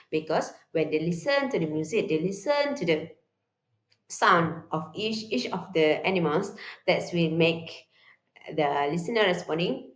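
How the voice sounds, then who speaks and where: A woman instructor explaining a children's music and movement activity, halting often with fillers and restarts. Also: lowish voice. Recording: echoey room.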